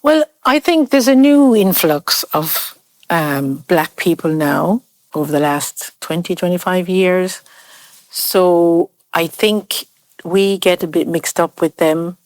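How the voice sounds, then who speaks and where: A woman's voice: lowish voice, slow, no echo. Earnest Irish woman in her fifties, dry. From Ireland. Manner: earnest, animated when quoting others. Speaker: panel guest. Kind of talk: candid group conversation.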